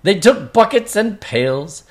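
A woman's voice: mid-range voice, lively intonation, slow pace. A woman reading a children's picture book aloud, acting out the characters and sound effects. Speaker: story reader.

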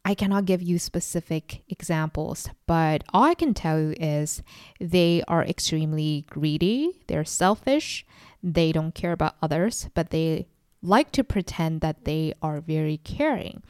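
A woman's voice: low-pitched, animated, a little slow, a little mellow, clean tone, no echo, studio quality. A woman in her twenties hosting a solo podcast, talking in a reflective, confiding way and sometimes mimicking people sarcastically. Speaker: podcast host.

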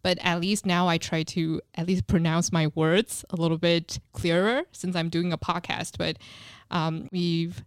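A woman with a Taiwanese accent and native Mandarin, hosting a casual podcast chat in English, lively and quick to laugh, with many "you know" fillers. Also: on the low side, clear, resonant tone, dry recording, clean studio sound. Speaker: podcast host.

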